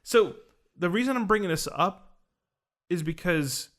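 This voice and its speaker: A young man tells a story in casual conversation, his voice pitched somewhat high. He is earnest and rambling, with plenty of fillers and false starts. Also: expressive, a little slow, a bit bright. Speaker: podcast host recounting a ceremony.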